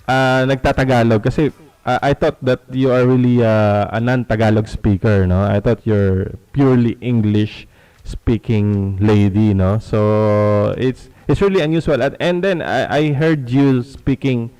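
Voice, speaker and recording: A man hosts an internet radio interview at a mid-range pitch. He pauses often and fills the gaps with "uh" and "ano". He slips between English and Tagalog. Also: fairly even intonation, a little mellow, smooth. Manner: hesitant, many fillers, switches between English and Tagalog. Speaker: radio host.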